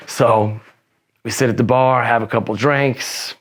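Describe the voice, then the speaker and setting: A man's voice: mid-range voice, steady tone, a little slow. A man casually telling his life story as a guest, swearing a lot and saying "you know" constantly. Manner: profane, rambling, peppered with "you know". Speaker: podcast guest.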